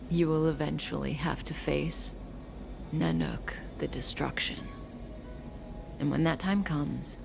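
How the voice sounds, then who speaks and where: An actress playing a calm, enigmatic woman who speaks of the future in a measured, knowing way, sometimes dropping to a whisper, in a game cutscene. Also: low voice, creaky. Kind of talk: video game cutscene dialogue.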